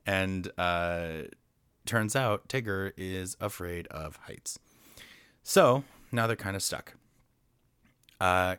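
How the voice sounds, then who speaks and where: A man with a very deep voice talks through a film recap in a loose, rambling way. He fills his sentences with fillers and restarts. The sound is dry and close. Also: fairly bright tone, dry recording. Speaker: film reviewer.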